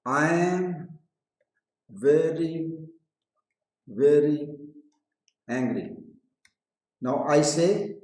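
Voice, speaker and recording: A man with an Indian English accent teaches a live online English lesson, talking straight to his students and repeating each point. His voice sits a little high and sounds mellow. The room adds a noticeable echo. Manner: explains patiently, repeats phrases, mixes in Hindi; addresses students directly with questions. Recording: echoey room.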